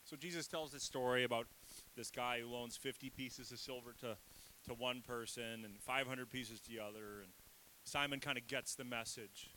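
Guy in his 30s preaching real casual, sharp bright voice, jokes at his own expense. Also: medium pitch, steady tone, moderate pace, slight background noise, rough recording. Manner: casual, candid, self-deprecating asides. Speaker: pastor. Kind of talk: conversational sermon.

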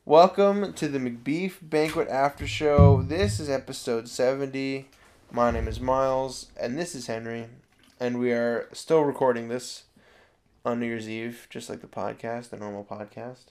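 A man hosting a comedy podcast in casual banter. He laughs often and fills pauses with many ums. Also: mid-range voice, steady tone, darkish tone. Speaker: podcast host.

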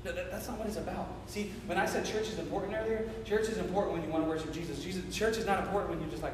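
A man preaching a sermon, swinging from hushed, intimate asides to impassioned, shouted climaxes. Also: sits high, rapid-fire, hardly any pauses, background noise. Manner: builds from quiet intimacy to shouted passion. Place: church sanctuary. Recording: echoey hall with long reverb.

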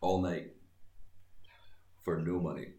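A man's voice: low-pitched, steady tone, takes it slowly, warm tone, roomy sound. A Scottish man, a guest comedian, telling long rambling anecdotes in a casual podcast chat with many fillers. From Scotland.

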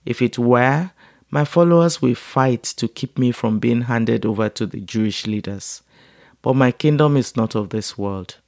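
A calm teacher on trial answers gravely and without haste, read by a man in scripture reading. The voice sits at a middle pitch. The recording is close and dry. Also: measured pace, no echo. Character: calm male teacher answering his accuser.

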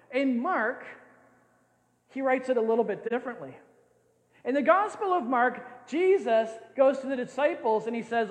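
A man's voice: extremely high pitch, lively intonation, normal speed. An older man preaching a sermon as a pastor, playful and often laughing as he acts out scenes. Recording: echoey hall with long reverb.

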